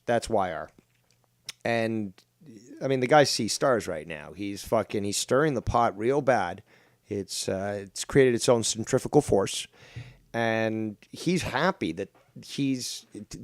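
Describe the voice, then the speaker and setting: A man hosting a livestream talk show in a rambling, profane, animated way. His voice sits in an ordinary middle pitch and sounds dry and close to the mic. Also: no room sound. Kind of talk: casual livestream commentary.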